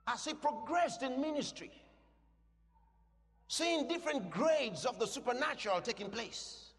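A man preaching a sermon with passion, swinging between loud shouts and quieter asides. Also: very high-pitched, lively intonation, measured pace, husky. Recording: long hall reverb.

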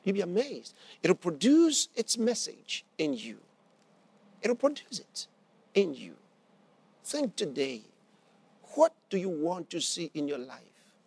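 High, gravelly-voiced man preaching. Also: takes it slowly, long pauses, no echo. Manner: animated, acts out the characters' lines in the story; repeats phrases for emphasis. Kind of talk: sermon storytelling.

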